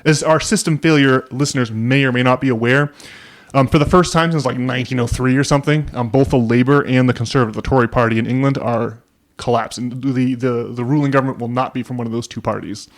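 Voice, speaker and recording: A man's voice: mid-range voice, steady tone, fast talker. A man hosting a podcast in casual chat, rambling with frequent restarts and tag questions. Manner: rambling, many restarts and "right?" tags. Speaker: podcast host.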